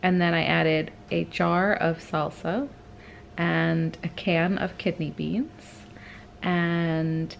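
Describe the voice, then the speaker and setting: A woman in her thirties talking casually to camera in her home kitchen, relaxed and chatty with frequent ums. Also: fairly low pitch, slow pace, gravelly, lo-fi sound, a little hiss or hum. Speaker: vlogger mother. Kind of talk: casual family vlog chat.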